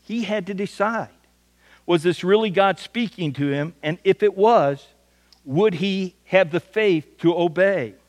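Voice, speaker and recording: A man's voice: sits high, a little slow, in a large hall. A male pastor preaching a sermon in a folksy way, often stumbling over repeated words.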